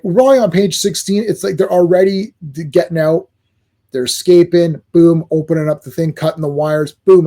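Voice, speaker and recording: An excitable man reviewing a comic in a casual video, his voice fairly high and mellow. He jumps into the characters' lines as he goes. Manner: excitable, animated, acts out quotes.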